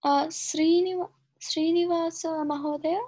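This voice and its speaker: A woman with a high voice leads an online lesson at an unhurried pace. She sounds out each syllable patiently for her students over a video call. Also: steady tone, warm tone. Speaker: language teacher. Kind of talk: online class, calling on students.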